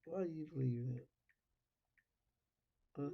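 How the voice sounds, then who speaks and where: A husky, gravelly-voiced man talks casually to his viewers. He fires off repetitive rhetorical questions and laughs often. The recording sounds dull and lo-fi. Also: medium pitch, normal speed, warm tone. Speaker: Christian talk show host.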